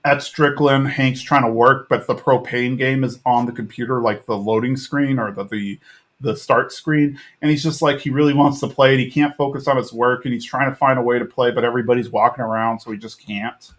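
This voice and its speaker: A man's voice: medium pitch, normal speed. Rambling man recapping a cartoon. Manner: rambling, animated retelling with filler words. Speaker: podcast co-host. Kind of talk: casual chat recapping a cartoon episode.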